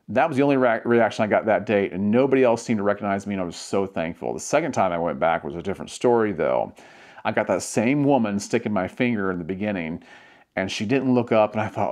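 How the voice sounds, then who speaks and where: A man's voice: fairly low pitch, brisk, a little mellow. Chatty man telling a story. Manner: chatty and rambling, with many restarts and little laughs. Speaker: vlogger. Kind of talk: casual storytelling to camera.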